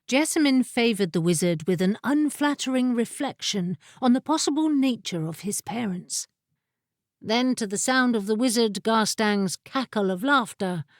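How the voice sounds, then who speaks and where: A woman with a mid-range voice narrates a story slowly and in a measured way as a scripted audiobook reading. The recording is clean studio sound with no room sound.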